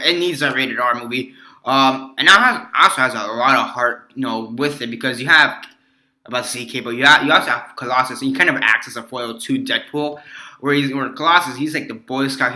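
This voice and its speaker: A man's voice: medium pitch, bright, forceful tone. A man casually reviewing a movie on his video channel, rambling with many fillers and restarts and swearing freely.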